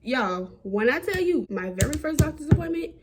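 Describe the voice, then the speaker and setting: A young woman telling a personal story to camera in a chatty, animated way. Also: normal speed, heavy background noise. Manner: animated, chatty, acts out quotes with big jumps in pitch. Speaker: vlogger.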